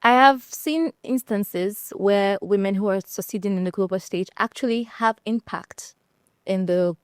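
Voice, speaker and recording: Nigerian woman panelist, lively storyteller, close dry mic. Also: mid-range voice, measured pace, smooth, dry recording. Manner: animated storytelling, laughs often. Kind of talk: casual panel discussion.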